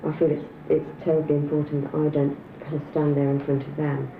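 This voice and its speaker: Gravelly, flat-voiced northern English woman. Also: low-pitched, fairly quick, echoey room, phone-quality sound, background noise. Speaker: interviewee. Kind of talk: documentary conversation.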